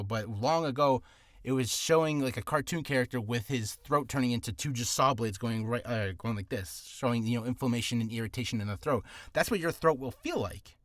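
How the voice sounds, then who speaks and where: A man's voice: medium pitch, no echo. A man talking through voice-care tips in a loose, rambling, jokey way, restarting his sentences as he goes. His throat sounds a little dry and ticklish, and the dry, close recording has no room sound. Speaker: voice actor giving advice. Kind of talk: casual spoken video lesson.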